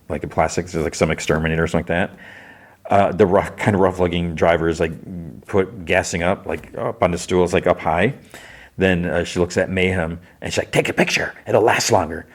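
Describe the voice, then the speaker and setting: Podcast host, male, very low voice, loose rambling retelling. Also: flat delivery, fairly quick. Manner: rambling, loose delivery full of "like" and restarts. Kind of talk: casual spoken recap.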